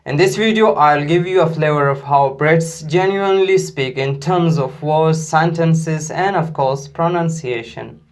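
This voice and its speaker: Leading a pronunciation lesson, a non-native English-speaking man repeats every word slowly and with care. His voice sits on the high side.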